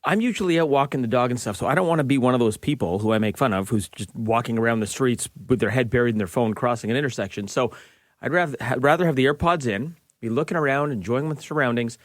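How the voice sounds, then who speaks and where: A man's voice: medium pitch, fast talker, dry recording, studio quality. A man co-hosting a casual podcast chat who teases and jokes with his co-host. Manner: teasing, jokey.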